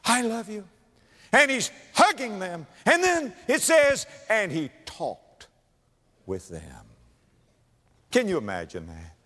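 A man preaching a sermon, dramatic, swinging from hushed tones to loud exclamations in a church. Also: high-pitched, sing-song, slow pace. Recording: long reverb of a large hall.

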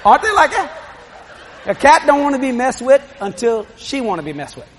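An older man preaching a sermon, animated, shouting and laughing as he acts out scenes. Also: very high-pitched, fairly quick, some chatter behind, slight background noise.

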